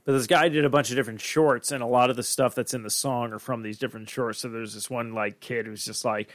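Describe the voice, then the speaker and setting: Animated, swearing young man, dry close voice. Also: medium pitch, fast, no echo. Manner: animated, profane, acts out quotes. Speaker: podcast host. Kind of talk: casual chat.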